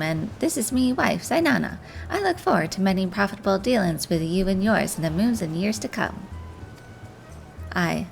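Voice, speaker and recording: A woman's voice: on the low side, vocal fry. A woman voicing a jovial, boastful older male merchant who rambles in a folksy way. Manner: folksy, rambling, drops 'me' for 'my'.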